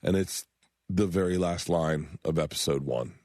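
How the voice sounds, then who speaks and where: A man in his fifties, a comedian telling animated stories on a radio show and acting out the other people in them. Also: sits low, moderate pace, dry recording, clean studio sound. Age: 50s. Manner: animated storyteller, acts out voices and laughs a lot. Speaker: guest comedian. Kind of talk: storytelling in casual chat. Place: radio studio.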